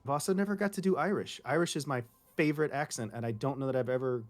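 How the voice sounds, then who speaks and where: A man voice director chatting casually in a roundtable, playful and quick to slip into joke accents. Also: mid-range voice.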